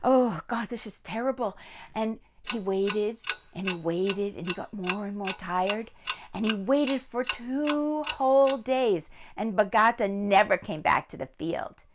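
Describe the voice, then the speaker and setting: A woman librarian telling a children's story in an animated, expressive way. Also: mid-range voice, a little slow, noisy background. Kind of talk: storytime read-aloud.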